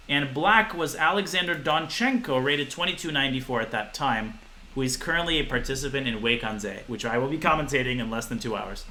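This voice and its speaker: A man in his twenties giving a live-streamed chess lesson, talking fast to his viewers and thinking aloud. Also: medium pitch, sharp tone, a little hiss or hum, rough recording. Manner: quick, talks to chat, thinks aloud with restarts.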